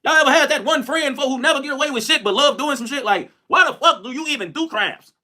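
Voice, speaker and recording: A Chicago livestream host talks fast and with high energy while telling casual stories on stream. He is loud, excitable, and trash-talking, using heavy slang.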